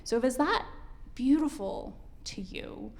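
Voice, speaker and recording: A woman's voice: high voice, expressive, unhurried. A woman teaching a piano masterclass, coaching a student and singing rhythms aloud as she counts.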